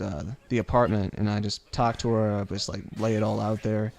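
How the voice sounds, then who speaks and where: A young man tells a long personal story in a loose, rambling way, full of fillers and little laughs. His voice sits a bit on the low side. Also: darkish tone. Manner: rambling, many fillers, laughs while telling. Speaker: vlogger. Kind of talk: casual storytelling.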